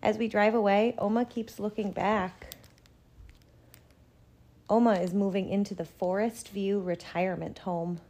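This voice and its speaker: Mellow-voiced woman reading a picture book. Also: medium pitch, steady tone. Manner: gentle, measured storytelling. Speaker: storybook reader. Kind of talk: picture-book read-aloud.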